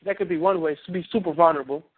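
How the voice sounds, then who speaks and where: High voiced coach guy on a tinny phone line, rambly, acts stuff out. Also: very fast. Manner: animated, rambling, acts out quotes. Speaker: relationship coach.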